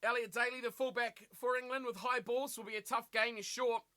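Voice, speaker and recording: A man with a very high-pitched voice commentates a rugby match live for his stream, talking fairly quickly. He's animated, fires off rhetorical questions, and reads viewer chat aloud before responding to it.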